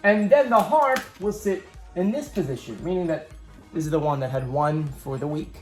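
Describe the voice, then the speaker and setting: With a fairly high, expressive voice at a moderate pace, a YouTube host gives a relaxed walkthrough of his homemade game board. The chat is upbeat and full of rambling asides, with faint music behind it.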